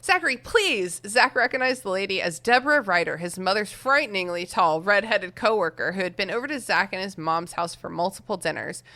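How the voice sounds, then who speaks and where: A woman's voice: medium pitch, brisk, few pauses. A woman co-hosting a podcast, reading a story aloud dramatically and breaking into giggly chat. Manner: giggly, expressive.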